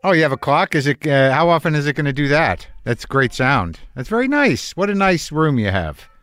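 A man's voice: fairly high pitch, big pitch swings, normal speed, a bit bright, no room sound, soft background music. A middle-aged man hosting a show, talking in a rambling comic monologue that is profane, wry and darkly joking. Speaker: podcast host.

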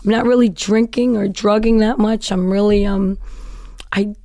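A woman guest in a casual interview, telling her life story in an animated way and acting out other people's voices. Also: mid-range voice, normal speed, no echo. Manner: animated, acts out quoted voices.

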